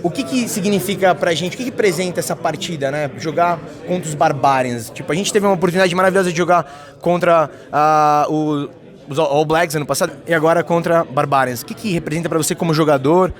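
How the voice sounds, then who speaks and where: A man's voice: on the high side, fast. Friendly Brazilian man interviewing in English. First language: Portuguese. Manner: friendly, switches between English and Portuguese. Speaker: interviewer, show host. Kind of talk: casual sideline interview.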